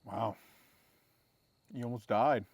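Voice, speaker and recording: A woman's voice: rumbling low, takes it slowly, darkish tone, breathy edge, no echo, highs cut off. A woman co-hosting a casual podcast, reacting with short blunt comments and questions.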